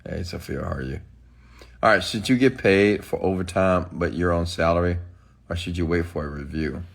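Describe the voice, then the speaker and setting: Low-voiced man ranting on a live stream. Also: normal speed, gravelly. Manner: emphatic and preachy, keeps asking "okay?". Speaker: entrepreneur live-streaming to followers. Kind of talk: live-stream rant answering chat comments.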